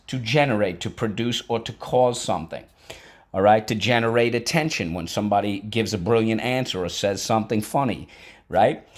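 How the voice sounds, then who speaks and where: Slow, deliberate man teaching vocabulary. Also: lowish voice. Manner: conversational, with frequent fillers like "all right". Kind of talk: vocabulary and spelling lesson.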